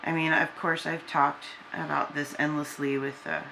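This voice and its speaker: A woman in her forties talking to a camera, venting in a halting, downcast way with many restarts. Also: low-pitched, flat delivery, gravelly, pushed and bright, a little hiss or hum. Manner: subdued and downcast. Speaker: vlogger. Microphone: camera with a person filming.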